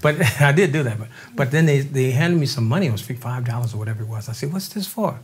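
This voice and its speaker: An older man from New Orleans, a drummer and interview guest, telling stories in a relaxed, animated way, acting out the voices of people he quotes. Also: medium pitch, quick pace. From New Orleans, Louisiana. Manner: animated storyteller, acts out quoted voices, laughs often. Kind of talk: casual interview storytelling.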